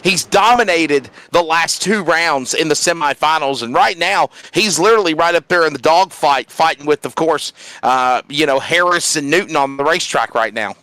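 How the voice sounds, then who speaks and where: Bright-voiced man calling a sim race. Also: a little high, moderate pace, hardly any pauses, clean tone, rough recording. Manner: energetic, with frequent fillers and restarts. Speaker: play-by-play commentator. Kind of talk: sim racing commentary.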